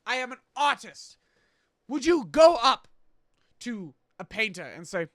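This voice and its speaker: A man's voice: extremely high pitch, big pitch swings, unhurried, bright, forceful tone, dry recording, clean studio sound. A man streaming a game, playing a boastful chef persona with theatrical, pompous, profane rants.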